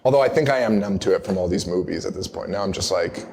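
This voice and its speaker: A man's voice: deep voice, fast, vocal fry, darkish tone, a little hiss or hum. A man co-hosting a live horror movie podcast, recapping a film in a wry, rambling way and laughing through his jokes. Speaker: podcast co-host. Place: live show venue.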